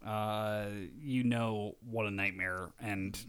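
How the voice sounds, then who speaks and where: A man's voice: lowish voice, fairly even intonation, takes it slowly, fairly bright tone, smooth. A man joking around in casual podcast chat.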